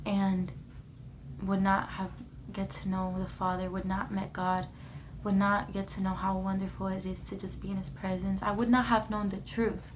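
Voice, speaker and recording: A woman's voice: medium pitch, slight background noise. A young woman vlogger giving a heartfelt personal testimony to the camera, earnest and repeating words for emphasis. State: emotional at times. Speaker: vlogger sharing her testimony.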